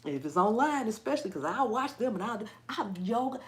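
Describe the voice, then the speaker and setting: A woman hosting a casual live stream, hyper and animated, often laughing and mimicking people. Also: on the high side, fast. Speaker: gardening channel host.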